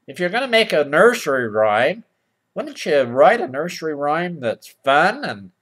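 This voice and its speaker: A man's voice: a little high, fairly bright tone. A man doing a mock children's-show comedy reading of old rhymes, sarcastic and mock-innocent, drawling out the quoted lines and asking the boys and girls. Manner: drawls slow over-read quotes. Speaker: comic reader of nursery rhymes.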